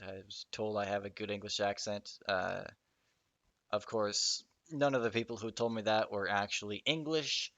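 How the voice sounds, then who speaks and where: A man's voice: mid-range voice, a bit bright, clean tone, no room sound. A young man hosting his own podcast, rambling and self-deprecating, swearing casually as he wanders between thoughts. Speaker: podcast host. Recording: dull lo-fi podcast audio.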